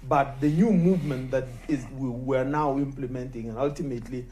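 A man's voice: medium pitch, brisk, warm tone, a little hiss or hum. A man hosting an interview, thoughtful and clarifying, his sentences slightly rambling. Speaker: interview host. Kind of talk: conversational interview.

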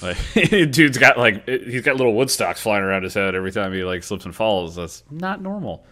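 Animated man chatting casually. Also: fairly low pitch. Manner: animated, slangy, quick to act out characters' lines. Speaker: podcast co-host. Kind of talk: casual chat.

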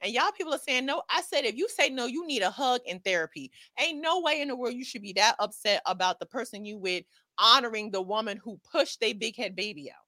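A woman's voice: fairly high pitch, animated, a little fast, bright, forceful tone, no room sound. A woman co-hosting a casual chat show, talking in an emphatic, incredulous way. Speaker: podcast co-host.

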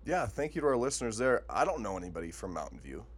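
Montana-accented male podcast co-host, slightly low voice, playful and quick to laugh. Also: sing-song. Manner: laughs often, joking. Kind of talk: casual chat.

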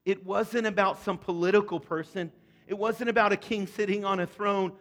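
A man preaching a sermon, speaking earnestly and directly to his congregation, with quieter, softer passages on the emotional points. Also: high voice, fairly even intonation, normal speed. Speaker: pastor.

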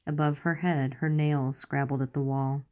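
A woman narrating romance fan fiction aloud in a measured, soft storytelling manner. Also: rumbling low, flat delivery.

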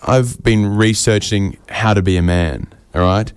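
A man, talking through a wandering stand-up bit in a deadpan, rambling way. His voice sits a little low, and he keeps breaking off and restarting mid-thought. The sound is dry, with almost no room echo. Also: unhurried, clear, resonant tone. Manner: rambling, deadpan, self-interrupting. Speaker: stand-up comedian. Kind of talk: absurdist stand-up set.

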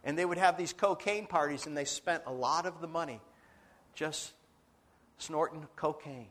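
A man's voice: a little high, normal speed, a bit bright. A man, a pastor, telling a story in a sermon, earnestly acting out the dialogue of the people in it. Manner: earnest, dramatic retelling with quoted dialogue.

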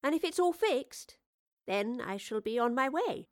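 A kindly lady professor and inventor, as a woman puts her on, gentle and polite, taking her time with each phrase. Her voice is fairly high, close to the reader's own, in a spoken storybook. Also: animated, a little slow.

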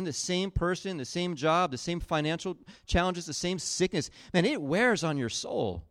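A man preaching a sermon, retelling a Bible story in a casual, animated way with acted-out quotes. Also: on the high side, no echo, clean studio sound. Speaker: pastor.

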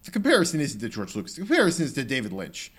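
Animated rambling man chatting about games. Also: mid-range voice, slightly rough. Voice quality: animated, rambling, mimics game characters in quick quoted bits. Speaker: podcast co-host. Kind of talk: casual chat about video games.

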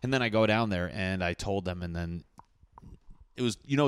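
A man's voice: sits low, normal speed, faint music behind. A young man telling a rambling, profane, jokey story to his viewers. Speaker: vlogger. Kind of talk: casual storytelling to camera.

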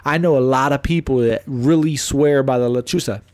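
A man in his thirties spins a rambling, profane story on a podcast, swinging into the voices of his characters. His voice sits at an ordinary middle pitch and sounds close and dry. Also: fairly quick, dry recording. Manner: animated, profane, acts out voices. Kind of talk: casual storytelling chat.

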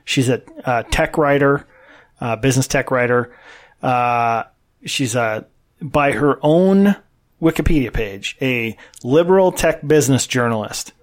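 A man's voice: mid-range voice, a little slow. A man co-hosting a podcast in casual chat, blunt and opinionated, swearing freely. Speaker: podcast co-host.

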